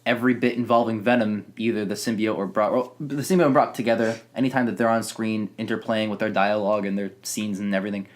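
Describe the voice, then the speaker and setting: A man's voice: lowish voice, little pitch movement, fast, few pauses. A young man in casual chat, reviewing a movie with a friend, enthusiastic and full of fillers. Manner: enthusiastic, talks over his co-host, many fillers.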